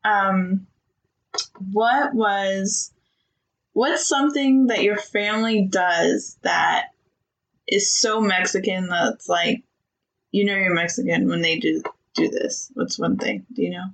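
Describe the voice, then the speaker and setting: A woman chatting casually with her husband, talkative, with many "like" fillers and quick laughs. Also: mid-range voice, steady tone, vocal fry, fairly bright tone, low-quality recording. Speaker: co-host talking with her husband. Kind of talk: casual chat.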